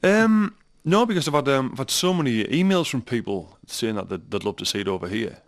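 A man's voice: medium pitch, very animated, fairly quick, dry recording. A man with a Teesside accent, a documentary filmmaker chatting enthusiastically as a radio studio guest, often restarting his sentences. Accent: Teesside English. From Teesside, North East England. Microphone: studio mic with headphones.

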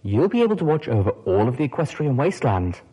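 Man playing teasing mare pony broadcaster, husky, lively lilt, fond. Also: medium pitch, fast, voice pushed up, low-quality recording. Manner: playful, teasing, gentle. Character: adult female pony radio host, teasing and fond.

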